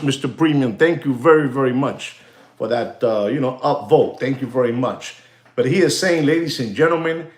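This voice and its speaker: A man's voice: fairly high pitch, roomy sound. A man hosting a live watch market stream, in a hyped, repetitive salesman patter full of fillers. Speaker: watch channel host.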